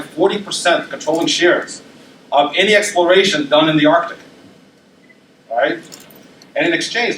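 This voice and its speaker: Speaking in a fairly high, fairly bright voice, a male university lecturer delivers a conversational presentation peppered with ums and "right?". He's far from the mic in an echoey lecture room, with a little hiss or hum.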